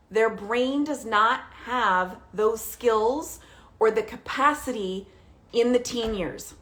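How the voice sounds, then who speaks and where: A woman coaching parents directly, animated and emphatic, often checking in with a quick "okay?". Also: on the high side. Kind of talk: direct-to-camera coaching talk.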